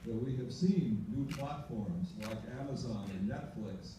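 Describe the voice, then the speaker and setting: A man in his seventies in the audience, asking a formal question in a measured way. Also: mid-range voice, background noise. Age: 70s. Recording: echoey hall recorded from far off.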